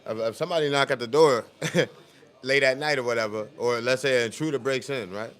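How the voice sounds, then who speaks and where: Man, bright voice, relaxed barbershop guest who hesitates and fills gaps. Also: medium pitch, brisk. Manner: laid-back, hesitant, lots of fillers. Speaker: podcast guest. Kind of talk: casual chat.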